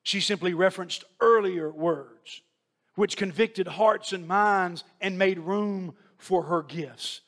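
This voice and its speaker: A man with a notably high voice preaches a sermon. He builds his message on a rhythmic, repeated refrain, quoting scripture line after line. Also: slow, fairly bright tone.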